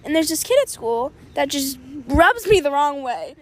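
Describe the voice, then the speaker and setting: Blunt high-voiced young woman. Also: very animated, normal speed. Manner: blunt, swears casually, offhand storytelling. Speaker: co-host. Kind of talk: casual chat.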